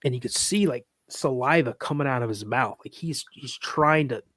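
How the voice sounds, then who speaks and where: A man's voice: medium pitch, normal speed, fairly bright tone, no echo, studio quality. A man, a podcast guest, telling a story casually and animatedly, acting out quoted dialogue in a raised voice and at moments fighting back tears.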